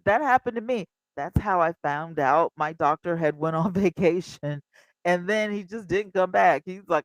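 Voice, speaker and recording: A woman in her fifties hosting a casual livestream, chatty and animated, talking straight to her viewers. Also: fairly low pitch, normal speed, dry recording, low-quality recording. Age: 50s. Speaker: livestream host.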